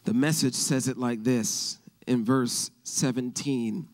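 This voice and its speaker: A man's voice: medium pitch, fairly even intonation, takes it slowly, hardly any pauses, a little mellow. A male pastor preaching a sermon, asking his congregation questions and acting out the Bible voices as he tells them. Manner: acts out Bible voices in the telling.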